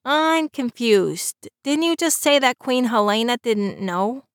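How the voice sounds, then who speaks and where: A woman's voice: fairly high pitch, lively intonation, slow, dry recording, clean studio sound, pitched above the performer's own voice. A woman doing a whiny, wry young man. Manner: whiny, sarcastic.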